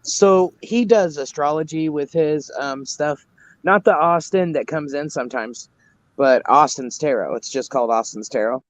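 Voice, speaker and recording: A man's voice: on the high side, normal speed, no echo, low-quality recording. A man in his forties chatting casually about astrology and tarot, rambling and joking, laughing often. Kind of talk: casual chat.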